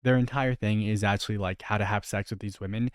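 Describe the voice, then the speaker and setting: Young male commentator, low voice, dry close sound, critical and chatty reaction tone. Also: steady tone, fast, clean tone, no echo. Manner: critical, incredulous, conversational. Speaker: commentary host reacting to a video.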